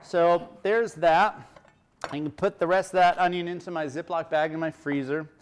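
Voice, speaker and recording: A man's voice: on the high side, fairly even intonation, normal speed, smooth. A middle-aged man, a chef, giving a chatty cooking demonstration and explaining each step as he works. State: teary from onions.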